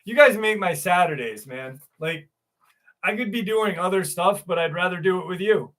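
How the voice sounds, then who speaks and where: Chatty, slightly high-voiced man hosting a live stream. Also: expressive, moderate pace, fairly bright tone. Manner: loose, chatty and profane, laughs often. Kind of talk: casual live-stream chat reading viewer comments.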